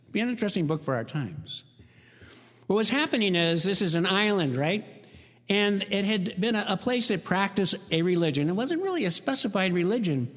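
A man's voice: sits high, big-room sound. A man pastor giving a sermon in a conversational, storytelling way, building up to emphatic repeated phrases. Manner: conversational, anecdotal preaching with rising emphatic repetition.

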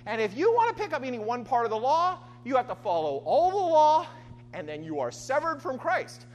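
A woman's voice: high voice, sing-song, a little fast, a little mellow. A woman preacher delivering a sermon in an emphatic way, often asking her listeners "right?". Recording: long hall reverb, faint hum.

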